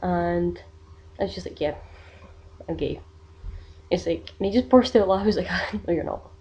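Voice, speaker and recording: A woman's voice: lowish voice, moderate pace, dark tone. A young woman, telling a personal story in a casual vlog, rambling with many fillers. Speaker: vlogger.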